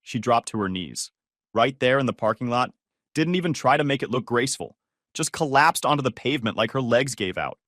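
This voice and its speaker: A man narrating a first-person story in a flat, cold, detached way. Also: medium pitch, fairly quick, no echo, studio quality.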